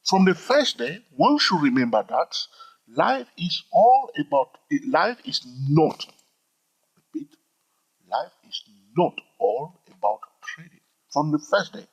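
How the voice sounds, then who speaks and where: Husky, lively-voiced male trading teacher. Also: fairly high pitch, slow pace. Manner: emphatic, repetitive, peppered with "all right?". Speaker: trading educator. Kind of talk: informal teaching monologue. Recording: dull lo-fi recording.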